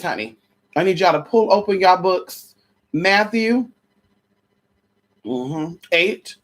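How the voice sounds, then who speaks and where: Profane sermon rant, sassy, honey and girl, stammering restarts, ow shouts, slow scripture reading, tired. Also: mid-range voice. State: tired and sweaty. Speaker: vlogger preaching to viewers.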